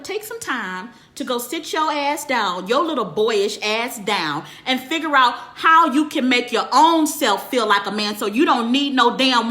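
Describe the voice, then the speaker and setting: A relationship counselor with a high, sharp-toned voice rants to her viewers in a monologue and responds to their comments. She is emphatic and profane, swearing constantly throughout.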